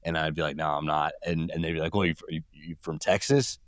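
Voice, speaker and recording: A man's voice: very deep voice, steady tone, fast talker, no echo. A male journalist from California with a Californian accent, rambling as a guest and acting out people he met. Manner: rambling, acts out quoted people. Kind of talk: casual interview talk.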